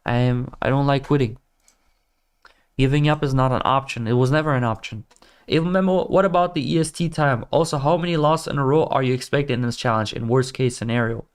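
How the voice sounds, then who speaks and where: A man hosts a casual trading livestream and chats with his viewers in a loose, friendly way, calling them brother. His voice is smooth and clear, sitting at an ordinary middle pitch. He talks with plenty of casual fillers. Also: a little fast. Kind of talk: casual livestream chat, reading viewer comments.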